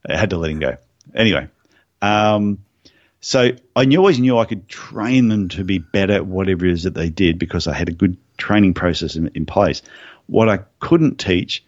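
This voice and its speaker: A man's voice: low-pitched, moderate pace, no echo, dull audio. A man who is a podiatrist, guest on an interview podcast, telling anecdotes in a casual way. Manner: storytelling, animated anecdotes.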